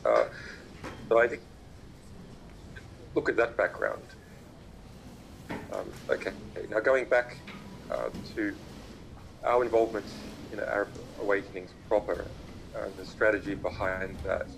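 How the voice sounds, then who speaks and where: A man giving a remote public talk over a video link, halting and full of fillers and restarts as he speaks. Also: fairly low pitch, expressive, gravelly, slight background noise, low-quality recording. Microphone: video call played through a laptop speaker.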